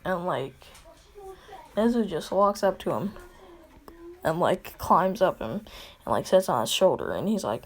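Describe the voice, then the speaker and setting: A woman's voice: fairly low pitch, lively intonation, measured pace, long pauses. A woman rambling through a made-up fan story, full of "like.". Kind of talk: casual storytelling.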